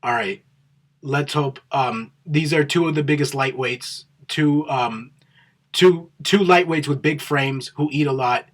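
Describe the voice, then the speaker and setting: A man's voice: fairly high pitch, measured pace. A man giving rambling, profane, opinionated commentary in a casual solo vlog. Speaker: MMA vlogger.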